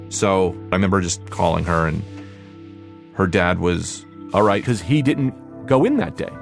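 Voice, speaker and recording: A young man from New Jersey tells a personal story in a candid, rambling way, full of fillers, and he acts out what people said. His voice sits low with a gravelly edge. A clear music bed plays under him. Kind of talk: personal story told to a podcast.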